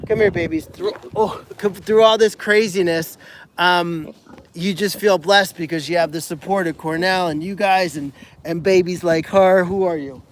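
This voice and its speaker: A man with a notably high voice talks loosely and at length, circling back with restarts and fillers as he goes. There is a faint hiss of noise under his voice. He sounds like an animal sanctuary owner chatting live from the farm. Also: steady tone, unhurried. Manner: rambling, frequent restarts and "you know" fillers. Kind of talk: casual rambling live-stream chat.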